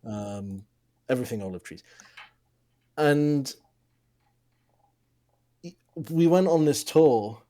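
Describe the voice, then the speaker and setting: Mellow-voiced man in his twenties, chatting. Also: mid-range voice, animated, slow, long pauses. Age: 20s. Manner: hesitant anecdote-telling with many restarts. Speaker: podcast co-host. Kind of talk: casual chat.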